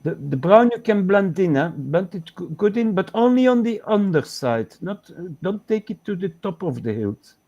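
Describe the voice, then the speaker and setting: A man's voice: high-pitched, sing-song, normal speed, few pauses, darkish tone, highs cut off. A man co-hosting a casual livestream, patiently talking someone through painting step by step. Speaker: co-host of a painting chat show. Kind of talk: casual livestream chat while coaching painting.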